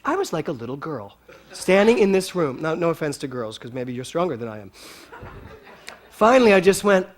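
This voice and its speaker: A man giving a storytelling sermon to a congregation, animated and often laughing as he talks. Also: on the high side, a little fast. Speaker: speaker at a spiritual center.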